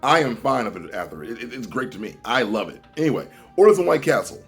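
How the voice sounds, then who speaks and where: A man telling a comedic story on his vlog, animated, swinging from loud, exaggerated lines to low mutters. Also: quick pace, slightly rough, faint music behind. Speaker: vlogger.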